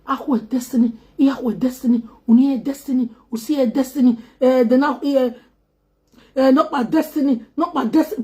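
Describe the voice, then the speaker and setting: A woman's voice: high-pitched, steady tone, moderate pace, dark tone. A woman making an impassioned, pleading spoken appeal, switching between English, Pidgin and a local language. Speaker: entertainer appealing to two public figures.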